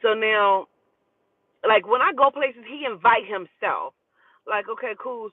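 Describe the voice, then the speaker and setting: A woman who works as a spiritual advisor, telling a personal story in a lively, profane, gossipy way and acting out the dialogue. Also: fairly high pitch, measured pace, breathy edge, no room sound. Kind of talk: casual storytelling. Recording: tinny phone-like dry sound.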